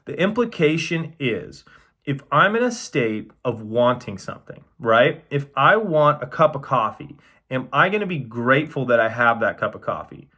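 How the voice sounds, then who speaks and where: A man's voice: medium pitch, expressive, moderate pace, sharp tone, slightly rough. A man coaching on metaphysics in a casual lecture, emphatic and repetitive, checking in with "right?" and swearing now and then. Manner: emphatic, repeats phrases, says "right?" often.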